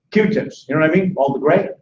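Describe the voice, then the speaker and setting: A man in his sixties giving a joking, animated financial sales seminar, firing questions at a small audience. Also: a little high, a little hiss or hum. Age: 60s. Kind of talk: lively sales seminar talk. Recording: echoey dull room sound from far off.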